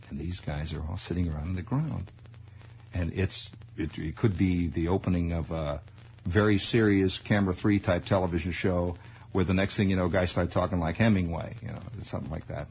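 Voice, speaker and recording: Deep and husky, this American man in his forties hosts a radio show, spinning a wry, meandering story packed with asides. The archival recording sounds dull.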